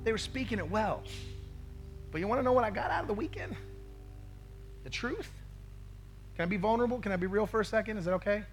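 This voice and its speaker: A man's voice: high voice, lively intonation, quick pace, long pauses, soft background music. A male pastor preaching a sermon, telling a story with acted-out quotes and frequent "right?" asides to the congregation.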